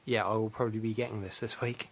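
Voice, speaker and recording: A man's voice: fairly low pitch, level tone, fast talker, husky. A man hosting a gaming podcast in casual, rambling chat, laughing often at himself. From Britain. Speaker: podcast host.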